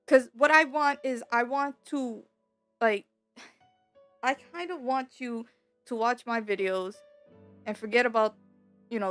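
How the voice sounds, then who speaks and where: A young woman gaming YouTuber talking candidly at home in a rambling, confiding way, full of fillers and restarts. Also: on the high side. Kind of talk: candid personal vlog talk.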